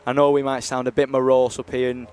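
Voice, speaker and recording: A man's voice: mid-range voice, monotone, fast, darkish tone. A young man commentating live on a university ice hockey stream, chatty and jokey as he rambles between games.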